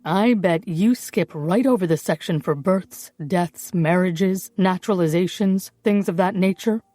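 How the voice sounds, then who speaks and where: A woman voicing a brisk, clever male forger who talks down to people in a dry, condescending way. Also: fairly low pitch, mellow, no echo.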